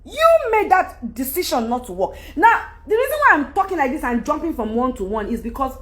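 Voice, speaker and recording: A woman's voice: high voice, big pitch swings, brisk, fairly bright tone. A middle-aged Nigerian woman with a Nigerian accent, giving an emphatic, rambling monologue to her followers. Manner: emphatic, rambling, switches into Yoruba. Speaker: celebrity speaking to followers. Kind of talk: candid monologue.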